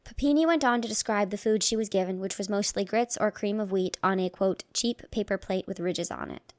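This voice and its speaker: Woman reader of legal documents, dry close mic, steady deliberate pace, mid-range voice. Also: medium pitch, no echo. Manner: measured, plain delivery, marking each quotation aloud. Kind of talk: reading a legal document aloud.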